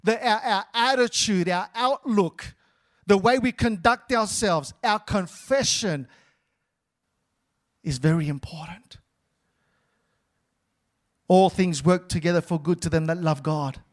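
A man's voice: high voice, takes it slowly, long pauses. A male pastor preaching a sermon, repeating words and calling for responses from the church.

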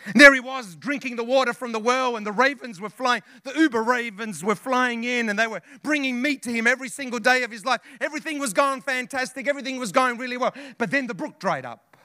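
A man's voice: extremely high pitch, fast talker, pushed and bright, no echo, studio quality. A male pastor preaching a sermon with passion, repeating phrases and calling out to the congregation. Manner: impassioned preaching with repetitions and call-outs.

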